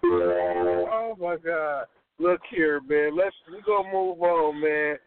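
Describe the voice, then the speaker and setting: A man hosting a podcast in a loose, profane, rambling way, his voice sitting a bit on the high side. The sound is thin and narrow, like it is coming through a phone. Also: expressive, takes it slowly, over a noisy crowd. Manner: profane, rambling, laid-back. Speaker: podcast host. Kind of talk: casual chat. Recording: tinny phone-like line.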